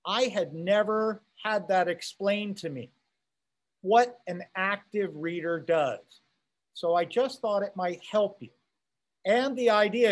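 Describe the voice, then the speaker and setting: A man teaching a class, reading a text aloud and commenting on it in a conversational way, asking rhetorical questions and checking in with his listeners. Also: high-pitched.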